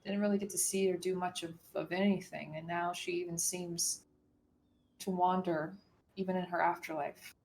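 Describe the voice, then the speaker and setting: A woman running a tabletop game as dungeon master, narrating in a soft storytelling way. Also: fairly low pitch, little pitch movement, normal speed, a little hiss or hum.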